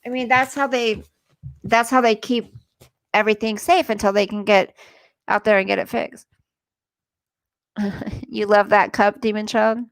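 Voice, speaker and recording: A woman's voice: mid-range voice, fairly even intonation, unhurried, pauses often. A middle-aged woman hosting a casual livestream, chatty and easily sidetracked as she reads comments and laughs often. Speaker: livestream host reading chat comments.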